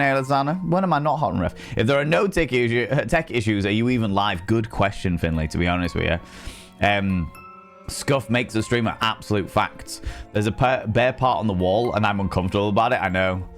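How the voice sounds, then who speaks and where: A man chatting playfully and casually with his chat during a live stream, tossing out teasing greetings. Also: mid-range voice. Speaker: game streamer.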